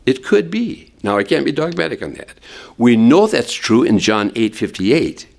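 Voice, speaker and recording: A man preaching an expository sermon, asking the congregation rhetorical questions and dropping low and soft when he quotes scripture. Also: moderate pace, gravelly. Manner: animated, drops low and soft for quoted words.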